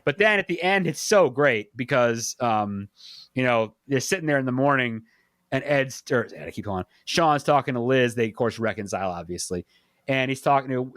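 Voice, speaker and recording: A podcast host talks casually through a movie at a fairly quick clip, animatedly acting out its lines with big jumps in pitch. The recording is dry, with studio quality.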